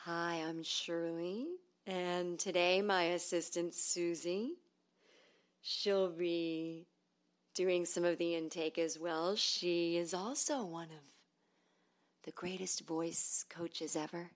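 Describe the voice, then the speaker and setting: A woman voicing a soft-spoken, condescending female voice coach who talks slowly and quietly. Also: lowish voice, fairly even intonation. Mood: patronizing. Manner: hushed, slow and patronizing.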